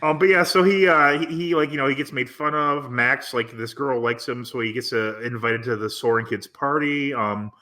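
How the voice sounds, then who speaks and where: A man's voice: medium pitch, steady tone, normal speed, few pauses, bright, forceful tone. A man with the hiccups, chatting casually on a podcast about a movie he watched, rambling with many restarts. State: has the hiccups. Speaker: podcast co-host. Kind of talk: casual chat reviewing a movie.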